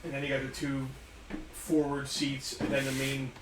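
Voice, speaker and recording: A man's voice: medium pitch, monotone, normal speed. A man casually reviewing a vintage toy on a live show, thinking aloud as he handles it. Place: indoor studio room. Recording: echoey room, distant mic, noisy.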